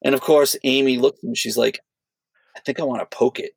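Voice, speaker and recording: A man spins a loose, rambling story in a casual podcast chat, swearing freely and getting animated. His voice is heavily gravelly and husky. The sound is dry and close. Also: mid-range voice, brisk, dry recording. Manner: rambling, profane, animated retelling. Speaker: podcast co-host.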